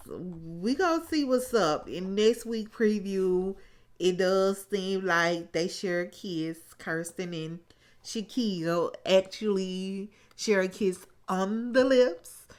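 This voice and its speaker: A woman hosting a casual reality-show recap, talking sassily straight to her viewers. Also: fairly low pitch. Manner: sassy, talks straight to viewers. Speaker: TV recap host.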